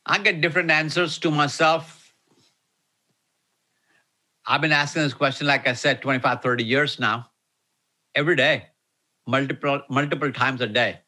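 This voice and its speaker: A man preaching to an online audience, repeating key lines slowly and emphatically. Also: mid-range voice, fairly even intonation, sharp tone. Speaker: pastor. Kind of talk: sermon with live Q&A.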